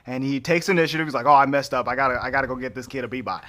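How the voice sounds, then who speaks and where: A man's voice: mid-range voice, racing, pushed and bright. A man co-hosting a podcast, casually recapping a movie and acting out the characters with laughs. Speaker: podcast co-host.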